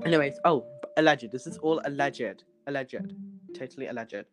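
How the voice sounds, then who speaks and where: A young podcaster tells a story in an animated, sarcastic rant and swears freely. The voice sits at a middle pitch. Clear music plays behind the speech. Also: moderate pace. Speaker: podcast host. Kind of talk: ranting storytelling.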